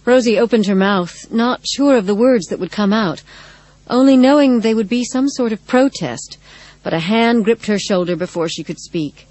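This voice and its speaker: A woman narrating a dark story in a measured, dramatic reading. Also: a little high, no room sound, low-quality recording. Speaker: audiobook narrator. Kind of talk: scripted narration.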